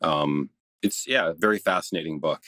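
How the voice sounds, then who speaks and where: A man's voice: a bass voice, moderate pace, sharp tone, no room sound. A man in his forties, a financial planner guest-hosting a podcast, explaining in an easygoing way and laughing often. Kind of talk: casual podcast chat.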